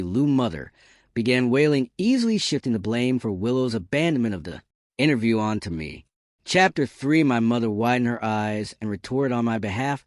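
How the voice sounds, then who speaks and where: A man's voice: medium pitch, expressive, normal speed, no room sound, studio quality. A man narrating a first-person story.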